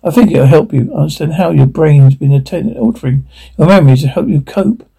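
A man speaking TV drama dialogue in a weary, gruff way, with a gravelly, husky voice. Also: a little high, animated, a little fast, mellow, exaggerated voice.

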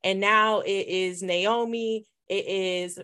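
A woman's voice: medium pitch, fairly even intonation, slow pace, bright, forceful tone, clear, resonant tone. Woman, podcast co-host, casual chatty storyteller. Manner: chatty, laughs while retelling a Bible story. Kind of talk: casual faith podcast chat.

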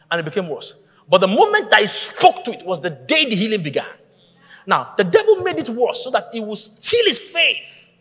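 A man preaching a sermon, telling a story with lively acted-out voices and shouting at the peaks. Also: high voice, husky, in a large hall. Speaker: pastor.

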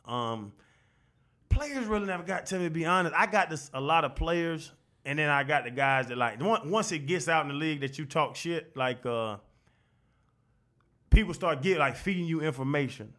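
A man guest telling stories in a casual podcast chat, profane and animated, quick to laugh and acting out what others said. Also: on the high side. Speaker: guest, former football linebacker.

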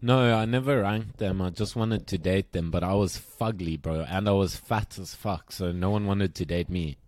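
A man's voice: low voice, normal speed, a little mellow, no echo. A young man co-hosting a casual podcast who teases his co-host, mocks himself and swears freely. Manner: teasing, self-mocking, swears freely.

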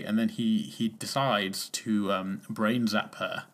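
A man's voice: lowish voice, fairly even intonation, measured pace, hardly any pauses, fairly bright tone. A man casually recapping a TV episode, rambling and acting out characters' lines. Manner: rambling, acts out characters' lines, frequent restarts.

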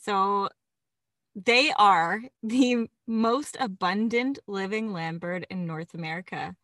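A woman's voice: mid-range voice, slow, fairly bright tone, dry recording. A woman co-hosting a casual podcast, talking about birds with lots of laughter and enthusiasm. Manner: giggly, enthusiastic. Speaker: podcast co-host.

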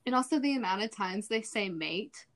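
An excitable young woman in her twenties co-hosting a podcast. She chats casually and keeps breaking in with exclamations. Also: medium pitch, normal speed. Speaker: podcast co-host. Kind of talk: casual chat.

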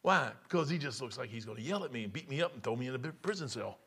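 A man's voice: medium pitch, lively intonation, very fast, fairly bright tone, slightly rough. A man preaching an informal sermon in an emphatic, conversational way, often repeating and restarting his words.

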